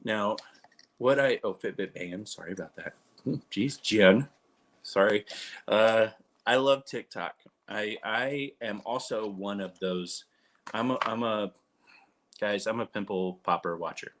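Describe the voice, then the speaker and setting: A man's voice: fairly low pitch, a little slow, long pauses, fairly bright tone. Rambling man chatting casually to camera. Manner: rambling, self-mocking, restarts often. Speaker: vlogger.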